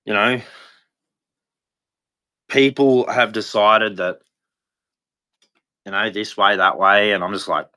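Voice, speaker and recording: Brief: man, livestream monologue, bright forward tone, halting, restarting, worn down. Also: lowish voice, fairly even intonation. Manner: halting, rambling, with frequent restarts; weary and despondent. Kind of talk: unscripted personal monologue.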